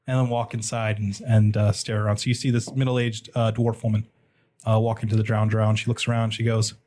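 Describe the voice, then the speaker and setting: A man narrating a tabletop game as game master, halting with many fillers. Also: fairly low pitch, flat delivery, darkish tone.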